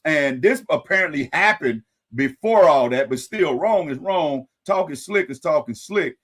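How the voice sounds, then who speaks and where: Male live-stream host, slightly high voice, casual and animated, full of folksy sayings. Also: unhurried. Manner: animated, folksy sayings, wry asides to viewers.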